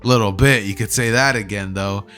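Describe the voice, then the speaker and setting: A man's voice: fairly low pitch, normal speed, pushed and bright, faint music behind. Jiraiya, as a man puts him on, a startled old ninja. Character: older male ninja sage, easily startled.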